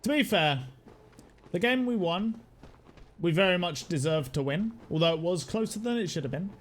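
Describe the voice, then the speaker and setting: A young British man streaming a game, rambling casually, swearing freely, laughing often and shouting at the game now and then. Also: high-pitched, animated, normal speed. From United Kingdom. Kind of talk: casual live-stream chat while gaming.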